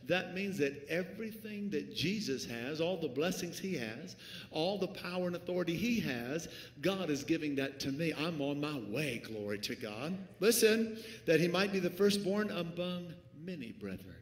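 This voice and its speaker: A man preaching a sermon as pastor, swinging from hushed lines to shouts. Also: fairly high pitch, animated, moderate pace. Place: church sanctuary. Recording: echoey church hall, faint ambience.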